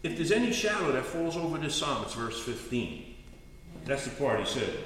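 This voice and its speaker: A male pastor preaching a sermon in an animated, earnest, storytelling manner. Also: mid-range voice, normal speed, a little hiss or hum. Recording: echoey hall, distant mic.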